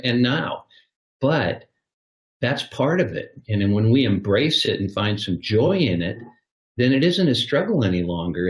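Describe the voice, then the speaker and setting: An older man with a low voice gives reflective advice on a podcast. He tells his stories like little scenes. A roomy echo hangs around his voice. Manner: storytelling, acts out little scenes. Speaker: guest.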